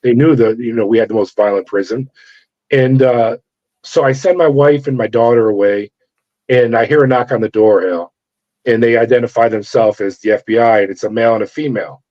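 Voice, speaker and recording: A man's voice: medium pitch, fairly quick, darkish tone. A middle-aged man from California, a former corrections officer, telling his story in an interview and acting out the voices of the people in it. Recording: dull lo-fi audio.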